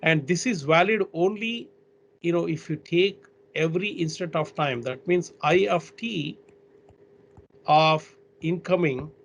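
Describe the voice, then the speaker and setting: A man giving a technical webinar lecture as guest lecturer, halting and full of restarts and "you know" fillers, heard over an online video call. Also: on the high side, gravelly.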